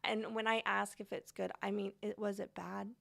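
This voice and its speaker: A woman's voice: mid-range voice, flat delivery, moderate pace, creaky, a bit bright. A woman streamer chatting casually, giggly and rambling, often trailing off.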